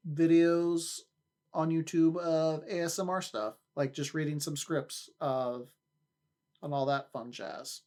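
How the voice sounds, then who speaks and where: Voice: mid-range voice, a little mellow. A livestreamer in casual chat with viewers, rambling, often repeating and restarting words, and laughing easily.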